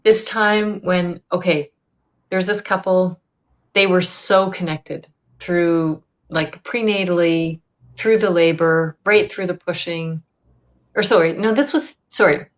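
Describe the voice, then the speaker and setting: A woman doula in casual chat, telling a story quickly and correcting herself as she goes. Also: fairly low pitch, steady tone, highs cut off.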